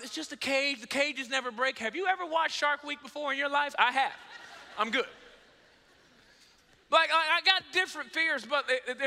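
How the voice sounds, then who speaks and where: A high, strikingly bright male voice preaches with lively storytelling and self-mocking humor. He acts out conversations and swings between hushed moments and excited bursts. A long reverb from a large hall trails every phrase. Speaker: pastor. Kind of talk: sermon.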